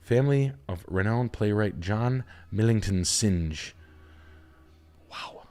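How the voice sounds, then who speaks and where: Low-ish guy hosting a house listing stream, swears a ton, gets hyped and riffs jokes. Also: takes it slowly, faint music behind. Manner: excitable, heavily profane, jokey riffing. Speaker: realtor and stream host. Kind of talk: casual live-stream chat reviewing house listings.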